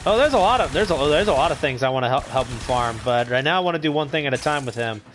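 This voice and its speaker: A man's voice: medium pitch, lively intonation, quick pace, fairly bright tone, a little hiss or hum. Laid-back man commenting on gameplay. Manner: laid-back, rambling, chats to viewers. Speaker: gaming channel host.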